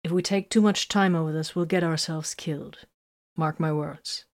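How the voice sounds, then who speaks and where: Brief: woman doing a dark, curt male warrior, quiet and low, audiobook style. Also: fairly even intonation, normal speed. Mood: grim. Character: grim male psychic soldier, dark and curt.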